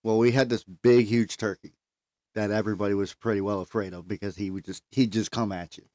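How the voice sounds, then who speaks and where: A man's voice: on the low side, fairly even intonation, fairly quick, dark tone, no echo, clean studio sound. A man casually telling a funny family story, laughing often as he goes. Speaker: storyteller guest.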